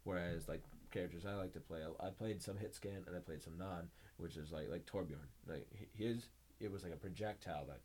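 A young man chatting casually as a podcast guest, telling a story with a lot of energy and loud laughter. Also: deep voice, a little fast, breathy edge. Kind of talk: casual chat.

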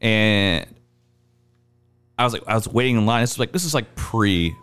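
A man's voice: normal speed, smooth, soft background music. A man in his thirties telling stories in casual chat, swearing freely and acting out the people in them. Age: 30s. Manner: animated, acts out the people in his stories with big pitch jumps; swears a lot. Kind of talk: casual storytelling.

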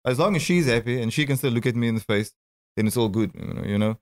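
A rapper in his thirties with a Cape Town South African accent tells stories as a guest in a casual interview, often stammering and restarting, with quick asides and laughs. His medium-pitched voice is studio quality, with no echo.

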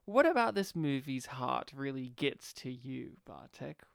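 A man co-hosting a casual film-review podcast, talking in an animated way, laughing often and acting out scenes. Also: medium pitch, measured pace, gravelly, clean tone, no room sound, clean studio sound. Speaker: podcast co-host.

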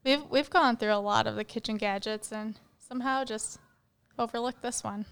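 Giggly high-voiced woman, chatty. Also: moderate pace, fairly bright tone, clear, resonant tone. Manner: giggly, lots of "like" fillers. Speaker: podcast co-host. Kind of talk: casual chat.

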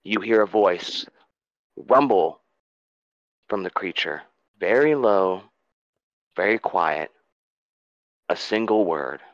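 A man narrates a fantasy scene as game master, in a low voice and an unhurried, dramatic delivery. The recording is dry and somewhat dull. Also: expressive, dry recording.

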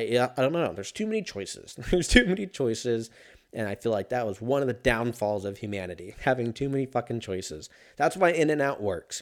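A young adult man riffing in a rambling, profane, casual comedic monologue, breaking into laughs and sudden shouts. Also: mid-range voice. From Los Angeles area.

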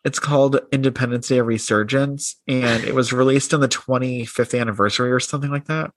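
A man's voice: mid-range voice, steady tone, fairly quick, no echo, clean studio sound. A man co-hosting a podcast, chatting casually about a film and laughing easily. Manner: chatty, giggly, reads a film speech aloud in a mock-solemn tone. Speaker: podcast co-host.

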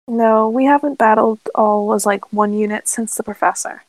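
A woman's voice: a little high, fairly even intonation, normal speed, dry recording, low-quality recording. A woman playing a tabletop role-playing game, talking casually. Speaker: player.

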